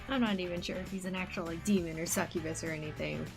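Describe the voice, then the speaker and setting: A young woman artist hosting a casual drawing video, excitable and giggly as she reacts. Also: lowish voice, brisk, vocal fry, music in the background. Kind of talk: casual chat while drawing.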